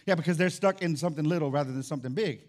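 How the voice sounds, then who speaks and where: A man preaching a lively sermon as pastor in a church, swinging between shouts and low asides. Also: rapid-fire. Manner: animated, shouts and drops low, playful asides. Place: church sanctuary.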